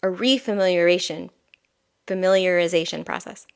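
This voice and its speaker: A woman who is an intuitive healer, giving a soft, rambling spiritual reading with frequent laughs. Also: fairly low pitch, fairly even intonation, brisk, vocal fry, clear, resonant tone. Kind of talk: casual spiritual guidance talk.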